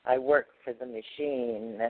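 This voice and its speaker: A man's voice: medium pitch, steady tone, a little slow, no echo, natural voice. A man voicing an obedient male computer chip in a poem he recites on a radio call, in a mechanical, rhyming way. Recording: tinny dry phone line.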